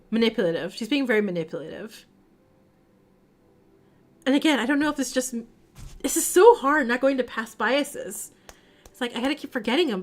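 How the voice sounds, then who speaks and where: A woman streaming a story game, reading along and making chatty, laughing asides. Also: on the high side. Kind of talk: live game read-along with commentary.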